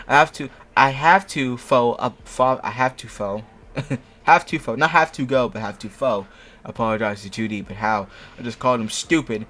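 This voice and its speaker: A man's voice: mid-range voice, moderate pace, fairly bright tone. Sarcastic young man reading fanfic. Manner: sarcastic, laughing, stumbling over words. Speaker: host reading fanfiction aloud. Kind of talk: mocking fanfic reading, casual chat.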